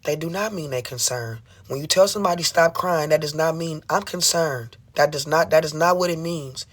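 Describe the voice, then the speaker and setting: A speaker at a middling pitch pours out an emotional rant to a livestream audience. The delivery is confrontational and full of rhetorical questions. Phrases come back again and again for emphasis, with plenty of swearing. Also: moderate pace. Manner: swearing, impassioned.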